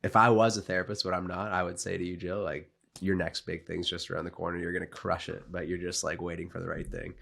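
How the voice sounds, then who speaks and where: Man, podcast host, casual chat, hesitant, supportive, very low voice, gravelly. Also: level tone, fast talker, few pauses, fairly bright tone.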